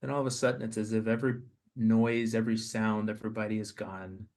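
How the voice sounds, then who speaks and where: Soft-spoken man leading a guided meditation. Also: lowish voice, flat delivery. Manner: slow, soft, hesitant restarts. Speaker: podcast host.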